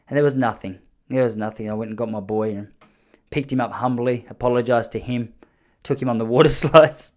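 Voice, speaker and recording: A man's voice: mid-range voice, brisk. A man in his thirties with an Australian accent, hosting a podcast and telling a story in a loose, self-mocking way, often correcting himself mid-sentence. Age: 30s. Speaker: podcast host. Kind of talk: casual storytelling monologue.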